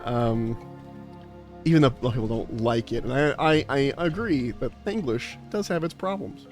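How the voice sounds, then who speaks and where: A man's voice: mid-range voice, normal speed, a little mellow, soft background music. A man streaming live and chatting casually with viewers, rambling with lots of restarts and fillers. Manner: rambling, full of restarts and filler, laughs often. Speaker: game streamer.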